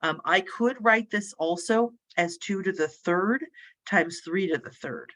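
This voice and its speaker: A woman math instructor working problems aloud in a casual, sleepy lecture, thinking out loud as she goes. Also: fairly low pitch, a little slow. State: sleepy, yawning.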